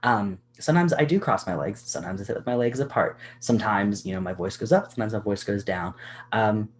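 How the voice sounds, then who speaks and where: Male workshop presenter, lowish voice, chatty delivery full of fillers, gesturing as he talks. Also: brisk, slight background noise. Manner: casual, chatty, many "you know" fillers; gestures a lot with his hands while talking. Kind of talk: educational workshop talk to camera. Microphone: recorded for a video.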